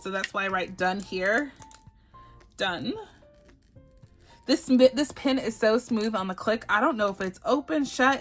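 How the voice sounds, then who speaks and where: A woman from Texas chatting casually and giggling as she counts up her savings challenge sums aloud on her budgeting channel. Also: mid-range voice. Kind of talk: casual chat while doing savings challenges.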